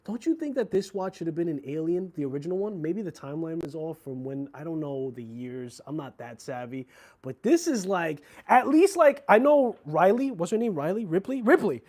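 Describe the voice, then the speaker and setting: A man's voice: on the high side, expressive, moderate pace, darkish tone. A man hosting a casual livestream about watches, talking in a chatty, slangy, rambling way with frequent restarts. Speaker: watch channel host.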